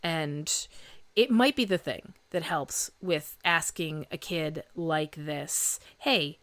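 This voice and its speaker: A woman's voice: low voice, slow, a bit bright, no echo. Rambling, self-mocking woman in her forties. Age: 40s. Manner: rambling, self-deprecating, laughs often. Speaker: podcast host. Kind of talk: casual chat.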